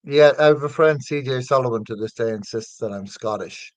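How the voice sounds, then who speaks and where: A man's voice: medium pitch, fairly quick, no room sound, highs cut off. A middle-aged man with a Northern Irish accent, a comedian chatting casually as an interview guest, rambling with many fillers and restarts. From north of Ireland.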